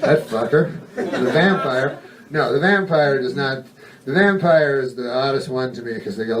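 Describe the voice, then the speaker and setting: A man doing a stand-up comedy set on a club stage, rambling in a deadpan way and swearing a lot. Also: mid-range voice, normal speed. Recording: distant mic, noisy live recording.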